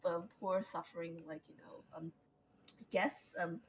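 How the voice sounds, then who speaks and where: A woman's voice: fairly low pitch, little pitch movement, measured pace, slight background noise, low-quality recording. A woman co-hosting a casual podcast, teasing her partner and chatting with fillers. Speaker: podcast co-host.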